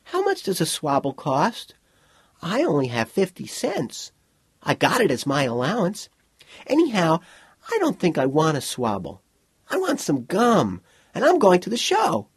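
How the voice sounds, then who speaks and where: A shrunken boy ruler, sulky and disdainful, with a high, thin voice that a man puts on for an audiobook. He mutters his words with a husky grain. It sounds close and dry. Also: huge pitch swings, measured pace, no echo, heavily acted. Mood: sullen childish. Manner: sullen, muttering.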